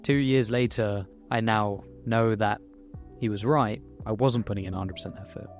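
A man's voice: on the low side, steady tone, moderate pace, soft background music. A young man, speaking candidly and earnestly in a personal motivational monologue, swearing now and then. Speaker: YouTuber.

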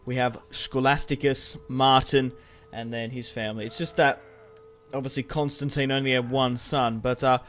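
A man's voice: medium pitch, flat delivery, normal speed, a bit bright, faint music behind. Young man chatting over gameplay. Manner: rambling, swears freely, restarts sentences. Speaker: gaming video host. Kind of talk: casual gameplay commentary.

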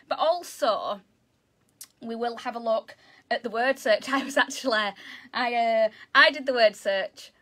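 A woman with a Yorkshire accent works as a zoo educator, running a lively, chatty online class for children. Her medium-pitched voice is a little bright, and she often jokes at her own expense.

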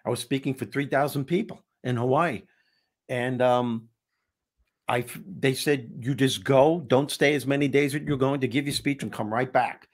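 A man hosting a talk show, telling a personal story in a lively way with frequent restarts. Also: medium pitch, moderate pace. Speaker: host. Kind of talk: casual storytelling chat.

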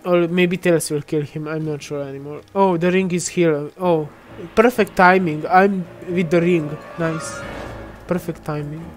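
Giggly, slow-talking young woman gamer. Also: low voice, steady tone, a little mellow, soft background music. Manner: giggly, chatty, teasing. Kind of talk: casual gameplay commentary.

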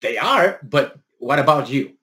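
A man's voice: mid-range voice, lively intonation, measured pace, sharp tone. A man giving an opinionated vlog monologue, combative and full of rhetorical questions. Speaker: political commentary vlogger.

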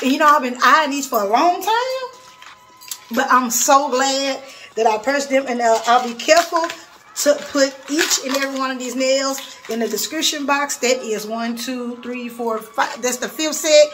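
Seated at her home bathroom vanity, a woman vlogs a nail haul in casual, chatty style, gushing and often addressing viewers as "y'all." Her voice is high and a bit bright, her pace moderate, with faint music in the background.

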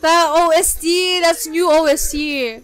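Very high-voiced excitable woman. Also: a little slow. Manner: gushing, excitable exclamations. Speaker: anime reaction host. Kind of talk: casual reaction commentary.

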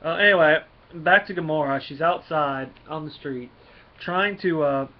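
A man giving a casual spoken review of a comic, rambling and halting with many fillers. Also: a little high, dull audio.

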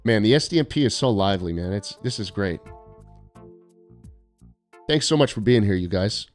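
Young male streamer, joking and sarcastic, animated delivery, faint background music. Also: fairly low pitch, moderate pace. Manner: sarcastic, joking, mock-arrogant. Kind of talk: casual live-stream chat reading viewer postcards.

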